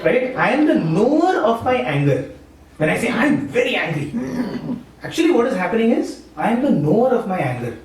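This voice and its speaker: In an informal spiritual talk, a high, slightly mellow-voiced man from Maharashtra, India, who teaches at a university and speaks at satsangs, chats conversationally, chuckling and frequently checking "right?". The mic is far off in an echoey room, with a faint hum present.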